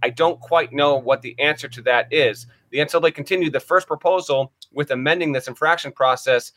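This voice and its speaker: A man's voice: fairly high pitch, brisk, fairly bright tone. A man hosting a casual sports podcast, reading statements aloud and adding dry comments of his own. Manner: reads quotes aloud then comments wryly. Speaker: podcast host.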